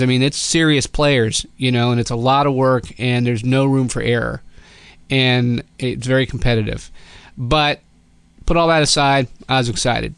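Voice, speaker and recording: A middle-aged man from Southern California tells a personal story on his podcast in a loose, rambling way. His voice is smooth and resonant, and the recording is dry and close. He backtracks often and jumps up in pitch when he quotes others. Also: dry recording. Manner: rambling, self-correcting, quotes people in lively voices. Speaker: podcast host. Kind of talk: casual storytelling.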